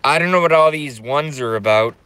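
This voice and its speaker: A man's voice: a little high, brisk, pushed and bright, no echo. A middle-aged man live streaming, rambling brashly in a crude, stop-start way to his chat. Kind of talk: casual live-stream rant.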